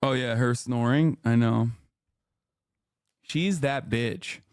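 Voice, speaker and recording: A man's voice: medium pitch, slow pace, darkish tone, clear, resonant tone, no room sound, clean studio sound. A man in his thirties giving casual, profane and sarcastic commentary as a stream host.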